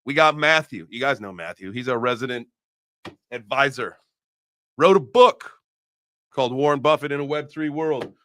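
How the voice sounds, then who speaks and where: Male stream host, bright and punchy, dry close mic, loose joking delivery. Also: medium pitch, lively intonation, normal speed, long pauses, no echo. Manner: joking and rambling, swears casually. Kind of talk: casual live-stream chat.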